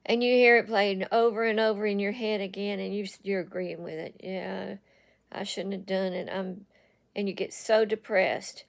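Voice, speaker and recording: A woman's voice: medium pitch, fairly even intonation, moderate pace, creaky. A woman giving an earnest talk about breaking addiction, speaking directly to the listener and repeating phrases for emphasis. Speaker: online speaker on addiction recovery.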